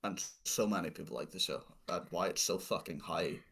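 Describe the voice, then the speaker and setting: A man's voice: sits low, fairly quick, gravelly, fairly bright tone. A man co-hosting a podcast, rambling in exasperation and swearing freely in casual chat. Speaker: podcast co-host.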